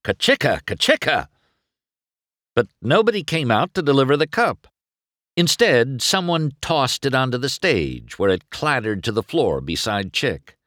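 A man reading a storybook aloud as narrator in an expressive storytelling manner. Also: medium pitch, moderate pace, no echo, studio quality.

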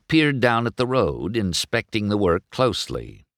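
A man reading a children's story aloud as narrator, with expressive storybook delivery on a close mic. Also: on the low side, normal speed, dry recording. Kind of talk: audiobook narration.

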